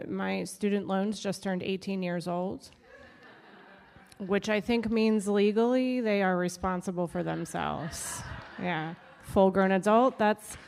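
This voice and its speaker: A woman's voice: medium pitch, clear, resonant tone, in a large hall. A young adult woman doing a stand-up set on stage, wry and self-deprecating with punchy delivery. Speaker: stand-up comedian. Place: stage of a live show.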